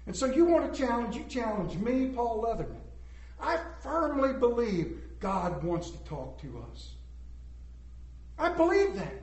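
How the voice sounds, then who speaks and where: A man preaching to a room of listeners in a folksy, joking storytelling style, dropping to a hush and rising again. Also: very high voice, sing-song, unhurried. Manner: joking storyteller, swings between loud and hushed. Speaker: preacher speaking to a congregation. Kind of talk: folksy sermon. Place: large hall with an audience. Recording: roomy echoing hall.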